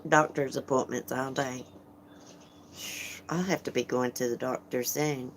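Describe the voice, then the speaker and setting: A woman's voice: very deep voice, steady tone, measured pace, a little hiss or hum. A woman hosting a casual livestream, chatting frankly, laughing often and greeting viewers as she reads comments. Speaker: livestream host.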